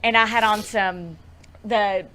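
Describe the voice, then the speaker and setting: A woman's voice: medium pitch, fairly even intonation, slow, a bit bright, a little hiss or hum. A woman co-hosting a podcast, telling playful stories in casual chat and laughing often. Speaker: podcast co-host.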